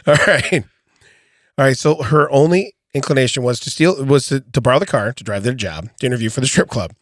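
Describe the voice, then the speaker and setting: A man's voice: mid-range voice, a little fast, no echo, studio quality. A middle-aged man co-hosting a comedy podcast, joking and laughing a lot as he chats. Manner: laughs a lot, jokey, animated. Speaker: podcast co-host. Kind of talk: casual comedic chat. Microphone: studio mic.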